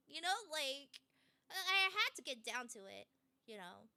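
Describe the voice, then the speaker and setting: A woman streamer retelling a story in a casual, animated way, with many fillers. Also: high voice, moderate pace.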